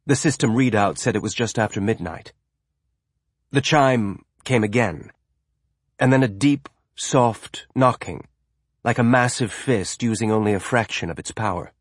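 A man reading a novel aloud as an audiobook narrator, with a measured, even storytelling delivery. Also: fairly low pitch, breathy edge, no room sound, studio quality. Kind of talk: scripted narration.

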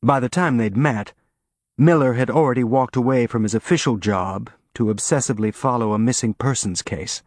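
A man narrating an audiobook in a steady, even reading voice on a close mic. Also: medium pitch, normal speed, no room sound. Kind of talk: scripted narration.

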